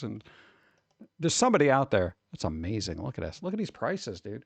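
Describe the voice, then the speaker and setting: A man's voice: fairly low pitch, huge pitch swings, a little fast, creaky, slightly rough, no echo. A man hosting a livestream in casual chat, rambling, swearing casually and reading news aloud. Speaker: streamer host.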